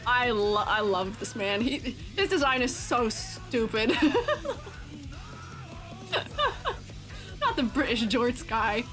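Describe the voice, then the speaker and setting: A woman's voice: unhurried, few pauses. A young woman streaming casually as a character design teacher, chatting with her viewers, giggling often and joking around playfully. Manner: giggly and playful, laughs often, lively swings in pitch. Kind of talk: casual livestream chat reacting to chat. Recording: faint music in the background.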